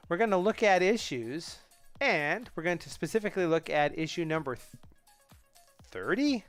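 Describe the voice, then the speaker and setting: A man with a slightly high, smooth voice hosts a relaxed live coding stream. He thinks out loud as he works, wanders into asides and answers chat along the way. Soft music plays faintly behind him. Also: normal speed. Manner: thinks aloud, rambling with restarts and asides to chat.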